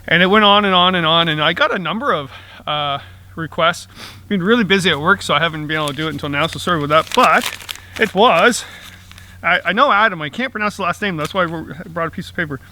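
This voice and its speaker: A middle-aged outdoor vlogger with a fairly high, sharp voice talks quickly while brewing tea on a small stove in the woods, with a bit of hiss or hum in the audio. He chats casually, chuckling often between rambling asides.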